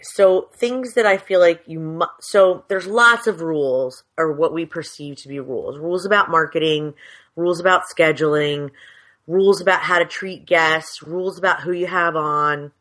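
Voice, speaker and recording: Low-voiced chatty woman podcaster. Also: a bit bright. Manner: chatty, rambling, frank. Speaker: podcast co-host. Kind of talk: casual chat. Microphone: headset on a video call.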